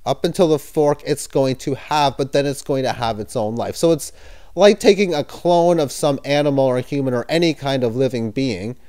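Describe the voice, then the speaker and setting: A man gives a casual, skeptical screen-share commentary on crypto news, with the odd sarcastic remark. He's hesitant, filling pauses and correcting himself, in an expressive, mid-range, slightly mellow voice at a moderate pace.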